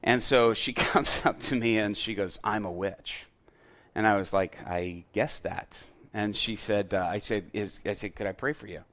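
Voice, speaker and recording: A middle-aged male pastor telling a story in a sermon, acting out the dialogue and getting loud at the punchlines. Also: lowish voice, moderate pace. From Chicago area.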